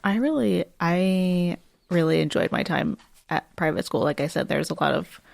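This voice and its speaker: Brief: young woman guest, chatty storyteller, low voice with vocal fry, dry close sound. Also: moderate pace, darkish tone, no echo. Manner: chatty, storytelling with many fillers. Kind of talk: casual conversation.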